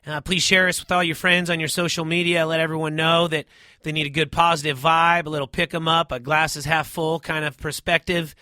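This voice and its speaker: A man's voice: a little high, bright, forceful tone, dry recording, clean studio sound. A man hosting a talk show in an enthusiastic, promotional and positive way. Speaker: podcast host.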